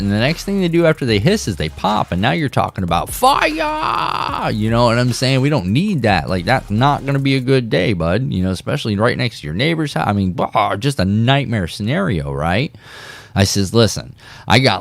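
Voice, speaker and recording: A man hosting a fishing podcast, telling a rambling story in a casual, animated way and talking straight to his viewers. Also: lowish voice, moderate pace, dry recording.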